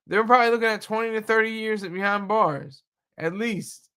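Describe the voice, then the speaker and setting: A man's voice: sits high, moderate pace, sharp tone, clear, resonant tone. A man hosting a livestream, commenting on the news in a loose, joking, rambling way with plenty of fillers. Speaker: livestream host reacting to news.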